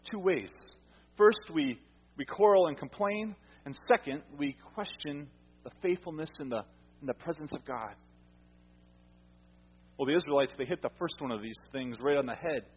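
A man on the high side, his voice edged with breathiness, preaches conversationally from the pulpit. The pastor questions his congregation and repeats words as he goes, recorded with muffled sound in a reverberant hall.

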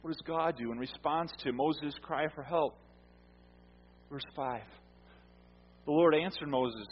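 A man preaching a sermon as pastor, earnest, repeating phrases for emphasis and letting his lines fall quiet at the ends. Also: on the high side, a little slow, pauses often, slight background noise. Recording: dull, echoey hall sound.

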